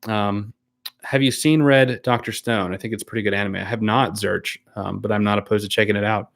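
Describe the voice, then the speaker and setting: A man with a slightly low voice hosts a casual live stream, reading viewer comments aloud one after another. He answers in an easygoing, unhurried way, pausing on ums and restarting his sentences. He laughs easily as he talks. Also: fairly even intonation, creaky, a bit bright. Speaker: YouTuber hosting a live stream.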